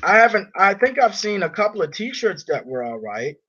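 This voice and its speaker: A man's voice: high-pitched, very animated, moderate pace, bright, forceful tone, husky. A man on a live stream who talks bluntly and with irritation, reading viewer comments aloud. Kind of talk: casual live stream chat. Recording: dull lo-fi stream audio.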